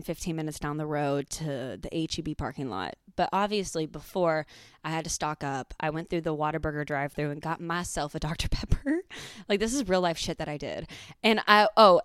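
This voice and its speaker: Young woman, podcast host, chatty and animated, swears freely; low, smooth, dry-recorded voice. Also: no echo. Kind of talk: casual storytelling chat.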